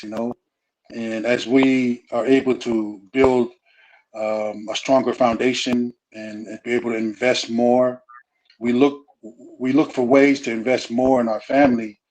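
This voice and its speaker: A middle-aged guest speaker talks about family in a relaxed, casual way, wandering through his thoughts and often restarting sentences. He pads pauses with lots of "you know"s, at an ordinary middle pitch, on a rough recording.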